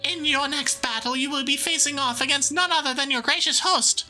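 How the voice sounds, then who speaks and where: A woman's voice: high voice, fairly quick, pushed and bright, faint music behind. A woman voicing a haughty, self-important rich woman hosting a game tournament. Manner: grand, self-important delivery.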